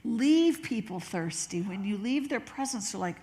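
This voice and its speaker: A woman's voice: medium pitch, lively intonation, darkish tone. Woman preaching in a reverberant church. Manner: conversational storytelling, drops to whispers and acts out quotes; laughs easily, talks slowly. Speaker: bishop preaching. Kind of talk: sermon. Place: church sanctuary. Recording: long reverb of a church hall.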